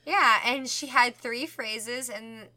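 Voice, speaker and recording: A woman co-hosting a podcast in casual chat, chatty and quick to laugh, with some swearing. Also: a little high, bright, forceful tone. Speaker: podcast co-host.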